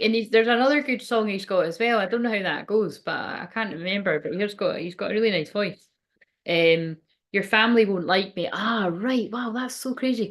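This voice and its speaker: A woman's voice: on the low side, fairly bright tone. A woman, giving a casual, rambling tarot reading, swearing freely and laughing often. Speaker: tarot reader and medium.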